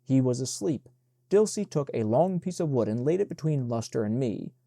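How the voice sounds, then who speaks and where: Mellow-voiced male audiobook narrator. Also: medium pitch, animated, moderate pace, creaky, no echo, clean studio sound.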